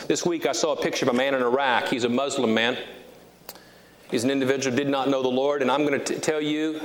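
A man in his fifties preaching a sermon as a pastor, emphatic, repeating key phrases and slowing down to stress them. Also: mid-range voice. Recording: reverberant hall with faint noise.

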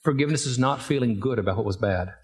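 A middle-aged man delivers a sermon in an ordinary mid-range voice. He moves from gentle storytelling into emphatic, rising points. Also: mid-range voice, quick pace. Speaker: pastor.

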